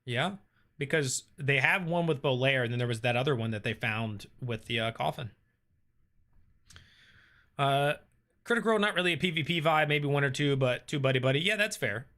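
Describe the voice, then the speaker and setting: A man with a bright, clear voice hosts a relaxed live stream. He reads viewer comments aloud and answers them in an easy, thinking-aloud way, full of ums and uhs. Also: medium pitch, normal speed. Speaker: host reading live chat. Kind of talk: casual live-stream chat.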